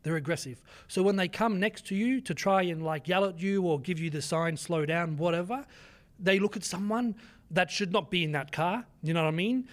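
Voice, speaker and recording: A young man, telling animated stories as an interview guest and mixing in Arabic words. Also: sits high, moderate pace. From Australia. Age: 20s. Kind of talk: casual interview chat.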